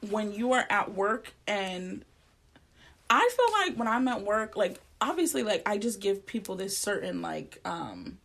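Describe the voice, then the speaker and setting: Gravelly, bright-voiced woman podcaster. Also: medium pitch, a little slow. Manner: blunt and profane, animated storytelling. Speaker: podcast co-host. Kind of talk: casual chat.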